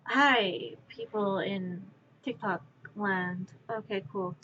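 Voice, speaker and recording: A woman streamer chatting casually with viewers while she crafts, rambling and distracted, sometimes muttering softly to herself. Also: medium pitch, slow, a little hiss or hum. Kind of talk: casual live-stream chat. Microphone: wearing headphones. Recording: dull lo-fi stream audio.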